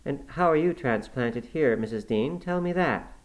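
A man voicing a brisk, motherly middle-aged housekeeper who fusses over her guest. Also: mid-range voice, animated, voice pushed up, close to an everyday voice, poor audio. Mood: bustling. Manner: brisk, fussing, hospitable. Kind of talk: audiobook character voice.

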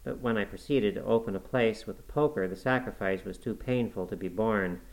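A man's voice: lowish voice, a little fast, darkish tone, lightly acted, poor audio. A man reading aloud and voicing a desperate teenage girl who pleads in tears. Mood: begging. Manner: breathless, pleading, tearful.

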